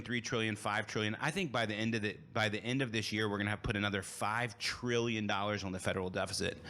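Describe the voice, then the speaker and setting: A man's voice: lowish voice, sharp tone, slight background noise. A man in his thirties, a podcast host giving a blunt, emphatic opinion monologue.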